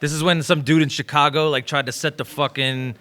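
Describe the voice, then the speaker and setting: A man guesting on a podcast, telling road stories in loose street slang and swearing freely. His voice is bright and forceful and sits fairly high. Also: fairly even intonation, fairly quick. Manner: slangy storytelling with frequent laughs and swearing. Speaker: podcast guest, battle rapper. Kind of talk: casual podcast chat.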